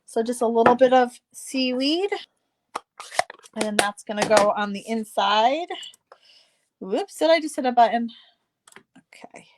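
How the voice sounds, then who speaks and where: A woman's voice: on the high side, a little slow, long pauses, a little hiss or hum. A woman hosting a card-making tutorial, chatting casually and poking fun at herself as she works. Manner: chatty, self-deprecating, talks while working.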